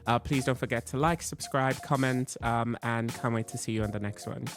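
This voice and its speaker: A man hosting an interview podcast who listens attentively, with frequent soft murmurs, and then closes the episode. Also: medium pitch, fairly even intonation, a little fast, music in the background. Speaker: podcast host. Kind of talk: interview host.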